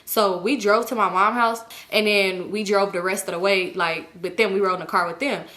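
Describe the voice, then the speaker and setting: A young woman casually telling a personal story to her viewers, animated, swearing freely and acting out what other people said. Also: mid-range voice, moderate pace. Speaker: storytime vlogger.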